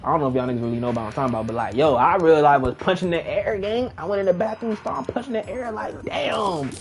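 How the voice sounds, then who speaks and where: A young man with a slightly high voice tells a story in loose, slangy speech, voicing the people in it as he goes. Faint game music plays under him. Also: quick pace, vocal fry. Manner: animated, slangy storytelling with acted-out dialogue. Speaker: gamer telling a story. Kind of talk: casual storytime over gameplay.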